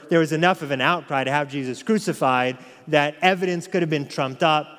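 A man's voice: medium pitch, in a large hall. A man preaching an expository sermon, emphatic and full of rhetorical questions. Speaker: pastor.

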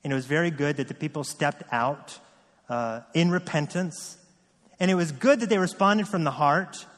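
A man's voice: fairly high pitch, moderate pace, big-room sound. A man preaching a sermon as pastor, reading scripture and driving points home with earnest repetition.

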